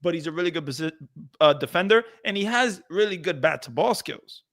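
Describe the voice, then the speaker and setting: A man co-hosting a sports talk show, answering questions in a measured way and backing his points with stats. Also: a little high, expressive, fairly bright tone. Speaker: podcast co-host.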